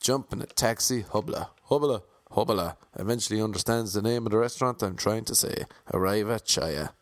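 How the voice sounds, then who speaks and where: An Irish man from Ireland narrating a comic travel story with wry, deadpan asides. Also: fairly low pitch, brisk, no echo.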